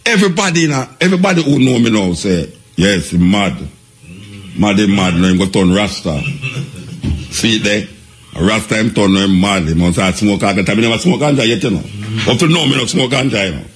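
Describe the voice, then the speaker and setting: An older man with a Jamaican accent, telling his life story in an animated, repetitive way in casual patois. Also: lowish voice, brisk.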